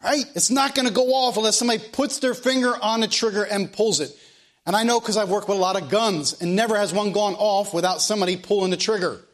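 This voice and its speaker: Guy pastor with a high voice preaching folksy in church, keeps asking the room questions. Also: quick pace. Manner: folksy preaching with plain country speech and repeated rhetorical questions. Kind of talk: sermon.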